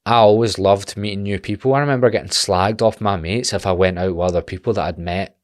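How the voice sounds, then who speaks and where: A man's voice: fairly low pitch, quick pace, no echo, studio quality. A Scottish man in his twenties talking bluntly and animatedly in a casual podcast monologue, swearing freely. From Scotland. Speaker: podcast host.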